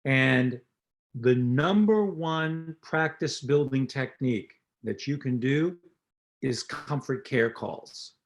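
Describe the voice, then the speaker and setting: A man's voice: medium pitch, takes it slowly. An older man, a dentist and lecturer, telling anecdotes and explaining technique in an interview, acting out the lines of people in his stories. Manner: anecdotal, teaching, acts out quoted dialogue. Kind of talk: storytelling interview talk.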